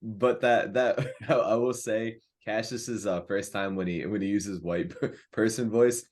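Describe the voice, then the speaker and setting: A man's voice: fairly low pitch, steady tone, unhurried, darkish tone. A man chatting casually on a movie podcast, hesitant and rambling, full of "like" and "um". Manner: hesitant, full of "like" and "um", restarts often. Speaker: podcast co-host. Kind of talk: casual movie review chat.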